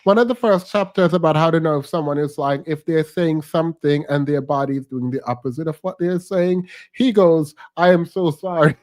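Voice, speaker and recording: A man's voice: fairly high pitch, fairly quick, few pauses, a little mellow. A man hosting a reaction commentary, sassy and blunt, often breaking into laughter. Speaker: commentary host.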